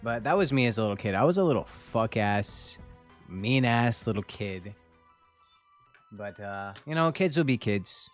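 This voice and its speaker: A man's voice: lowish voice, animated, unhurried, faint music behind. A young man streaming a game, chatting casually with viewers in a joking, self-mocking way. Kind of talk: casual live-stream chat while gaming.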